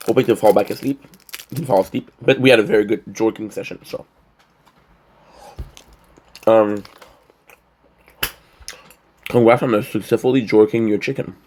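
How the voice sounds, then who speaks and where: Short on sleep, a man talks to the camera in a casual vlog, rambling and joking with playful asides throughout. He speaks in a lowish, somewhat mellow voice.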